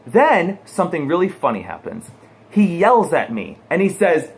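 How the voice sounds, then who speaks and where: A man's voice: a little high, moderate pace, gravelly. A man from the United States telling a personal anecdote to his viewers, acting out the people in it. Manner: animated storyteller, acts out quotes. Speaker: pool guy vlogger. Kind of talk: personal anecdote told to camera.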